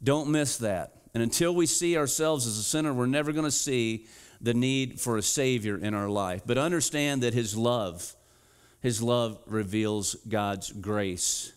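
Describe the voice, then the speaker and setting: A middle-aged man and pastor, preaching a sermon, alternating urgent repeated calls with slow, low, deliberate emphasis. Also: clear, resonant tone. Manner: urgent, rising to emphatic repetition.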